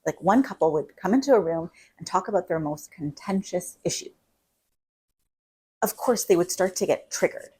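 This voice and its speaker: A woman couples therapist gives casual advice to camera, explaining things conversationally and scattering "like" and "right?" throughout. Her voice is fairly low, expressive, dark-toned and husky at a normal speed, on a rough recording.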